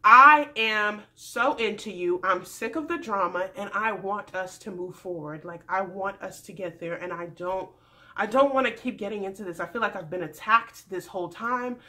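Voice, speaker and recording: A woman imitating an earnest young man who pleads softly and insistently. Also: mid-range voice, moderate pace, lightly acted. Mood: pleading.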